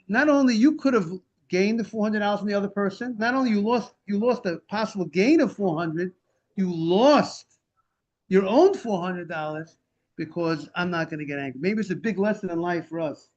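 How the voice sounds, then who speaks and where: A man's voice: high voice, animated, normal speed. A man teaching a Talmud class over a video call, animatedly explaining and translating Hebrew and Aramaic phrases. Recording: dull lo-fi video call audio.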